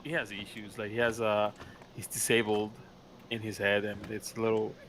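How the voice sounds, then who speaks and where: A man in casual chat, talking in a halting, hesitant way with many restarts. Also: lowish voice, flat delivery, fairly bright tone, slight background noise, low-quality recording. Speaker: fellow role-player.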